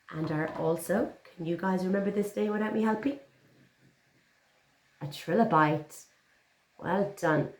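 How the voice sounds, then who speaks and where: A woman's voice: on the low side, darkish tone. A woman teaching young children, encouraging and sing-song as she reads a picture book aloud. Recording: roomy echo.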